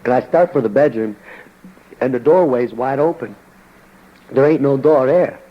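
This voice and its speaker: A man's voice: mid-range voice, normal speed, highs cut off. An older man, a former boxer, telling his conversion story as a church testimony in a colloquial, slangy storytelling manner.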